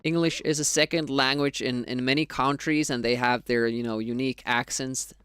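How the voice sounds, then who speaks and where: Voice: medium pitch, fairly even intonation, moderate pace, fairly bright tone, clean tone, no echo, clean studio sound. A streamer from Finland with a Finnish accent and Finnish as a first language, chatting casually with viewers on a live speedrun stream, rambling and laughing often.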